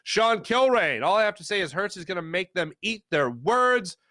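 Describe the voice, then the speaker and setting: A man hosting a casual sports talk show, animated and emphatic, repeating phrases for effect. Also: high-pitched, moderate pace. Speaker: sports podcast host.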